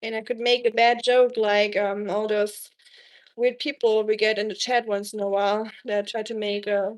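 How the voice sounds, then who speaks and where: A woman's voice: mid-range voice, level tone, normal speed. A young woman hosting a casual cooking live stream, chatting with viewers and reading their messages aloud, from Germany. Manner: chatty, reads chat aloud, frequent ums.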